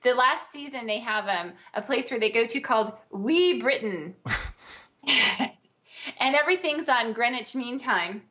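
A woman's voice: a little high, expressive, unhurried, fairly bright tone, a little hiss or hum. An American woman in casual conversation, bubbly and playful, laughing often and breaking into exclamations. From United States. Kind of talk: casual chat.

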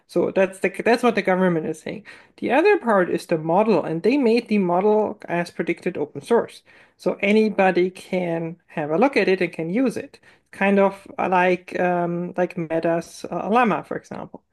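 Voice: mid-range voice, moderate pace. A co-host on a casual tech stream who laughs often and lays out points step by step. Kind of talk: casual podcast chat.

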